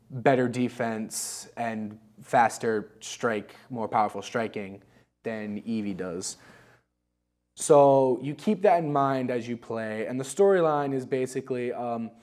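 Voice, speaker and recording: Male co-host, casual game chat, loose and rambling, average pitch. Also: a little mellow. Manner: rambling, laughs at his own story. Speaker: co-host of a gaming show.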